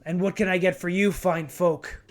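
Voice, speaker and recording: A man's voice: sits high, fairly even intonation, moderate pace, lightly acted. A man voicing a tavern bartender in a tabletop game, friendly but eerie, chuckling as he talks about the cold. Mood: welcoming.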